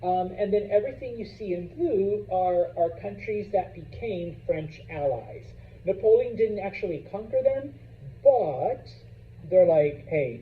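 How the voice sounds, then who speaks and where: A man's voice: high-pitched, slight background noise. A man teaching a history class in a casual lecture style, with frequent "okay?" check-ins. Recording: roomy, distant, dull classroom recording.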